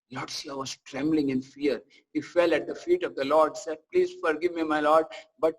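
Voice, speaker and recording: A preacher tells scripture stories in an animated, chatty manner. His voice sits fairly high for a man and moves freely. He breaks off for light asides to his listeners. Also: normal speed, low-quality recording. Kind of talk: scripture class with storytelling.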